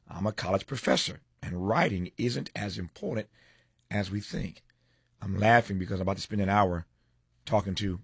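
Husky low-voiced male talk host. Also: no room sound, studio quality. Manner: measured, conversational, with frequent fillers. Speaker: radio talk show host. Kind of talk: hosting a live talk program.

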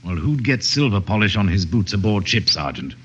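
Shrewd inspector, crisp, commanding, animated delivery. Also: male voice, lowish voice, fairly quick, muffled recording. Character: brisk male police inspector, shrewd and commanding. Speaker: police inspector. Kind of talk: 1950s radio drama acting.

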